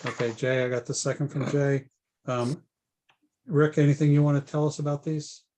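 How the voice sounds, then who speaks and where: A man's voice: on the high side, steady tone, moderate pace, a little mellow. Casual man chairing a town meeting. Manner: informal, joking, many fillers. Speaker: council president chairing the meeting.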